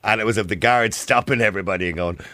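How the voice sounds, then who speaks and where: A man's voice: fairly low pitch, very fast, sharp tone. An Irish man hosting a radio phone-in, chatty and teasing, laughing often with his callers.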